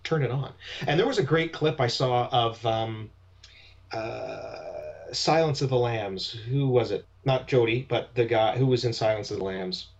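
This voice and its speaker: Male actor guest in a casual interview, mid-pitched and meandering, with a dull lo-fi recording. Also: a little slow. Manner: rambling, trailing off and restarting mid-thought. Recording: dull lo-fi sound.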